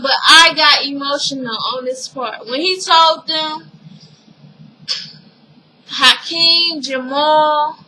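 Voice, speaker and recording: Bright, high-voiced woman recapping a show. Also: rough recording. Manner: animated, emotional storytelling with frequent asides to viewers. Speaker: TV episode recapper. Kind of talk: casual episode recap vlog.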